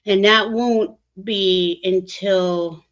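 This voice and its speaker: A woman's voice: mid-range voice, steady tone, very slow. A woman astrologer in casual chat, rambling and often correcting herself with frequent fillers. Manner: rambling, self-correcting, frequent "you know". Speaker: astrologer guest. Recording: slightly dull lo-fi audio.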